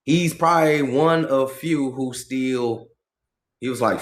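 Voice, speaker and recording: A man hosting a livestream in casual commentary, talking in an animated, profane way and asking "right?" again and again. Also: medium pitch, normal speed. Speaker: livestream host.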